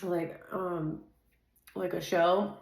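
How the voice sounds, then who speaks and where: A woman's voice: on the low side, fairly even intonation, extremely slow, gravelly, echoey room, noisy background. A woman reading tarot in a casual way. She rattles off lists of card keywords and often laughs and drifts into side chatter. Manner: laughs easily and chats off-topic. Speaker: tarot reader.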